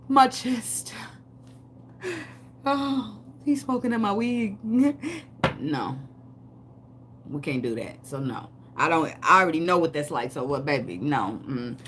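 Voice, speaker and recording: A woman's voice: a bass voice, slight background noise. A woman giving a casual tarot reading, cursing, joking and laughing between cards. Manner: loud, laughing, profane, joking asides. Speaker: tarot reader.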